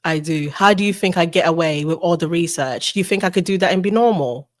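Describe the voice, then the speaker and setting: A woman co-host putting on a British accent as a dry, deadpan joking persona in a casual chat. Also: lowish voice, a little fast, pitched below the performer's own voice, lightly acted. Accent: put-on British English. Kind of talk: comedic bit in casual chat.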